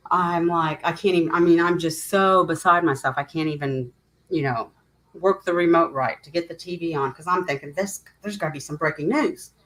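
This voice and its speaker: A woman's voice: lowish voice, fairly bright tone, rough recording. A middle-aged woman hosting a casual livestream chat, talking in a rambling, emotional way and greeting viewers by name. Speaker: livestream host.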